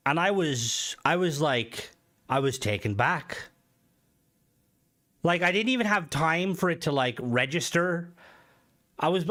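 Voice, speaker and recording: A man's voice: lively intonation, moderate pace, pauses often, pushed and bright. Rambling, foul-mouthed male streamer. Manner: rambling and profane, many fillers, jumps up in pitch when worked up. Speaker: game streamer. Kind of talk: casual live-stream chat.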